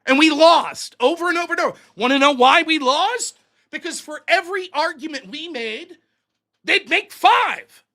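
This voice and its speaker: A man hosting a livestream, telling stories in an animated, profane way. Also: very high-pitched, moderate pace. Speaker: livestream host. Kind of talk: casual livestream commentary.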